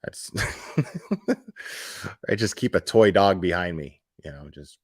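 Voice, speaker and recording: A man's voice: low voice, moderate pace, no room sound, clean studio sound. Sarcastic rambling man on a livestream. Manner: sarcastic, rambling, swears freely. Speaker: true crime livestream host. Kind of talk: casual livestream chat.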